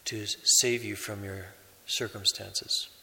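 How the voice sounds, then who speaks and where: A priest delivers a sermon in a slow, measured way, pausing between phrases. His voice is slightly low yet bright and forceful. A long church reverb trails behind every word. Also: flat delivery, vocal fry. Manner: slow, measured preaching with pauses.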